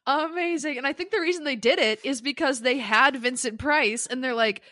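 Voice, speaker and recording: A woman's voice: high-pitched, brisk, bright, forceful tone, slight background noise. A woman co-hosting a podcast in casual chat, giggly and acting out quoted lines. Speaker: podcast co-host.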